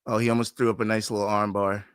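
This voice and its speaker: A man hosting a live fight watch-along, giving fan commentary, who swears often and pleads and shouts at the fighters on screen. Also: on the low side, little pitch movement, fast, clear, resonant tone, dry recording, clean studio sound.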